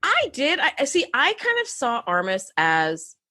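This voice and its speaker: A woman co-hosting a casual podcast chat, animated, laughing often and acting out quotes. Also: high-pitched, unhurried. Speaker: podcast co-host.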